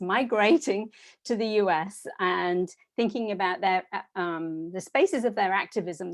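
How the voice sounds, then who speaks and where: A woman researcher giving a conference talk over a video call, in a conversational, lightly joking way. Her voice sits at a middle pitch. The sound is dry and close. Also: dry recording. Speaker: geography researcher and panelist. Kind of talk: academic presentation. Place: home office on a video call. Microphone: computer mic on a video call.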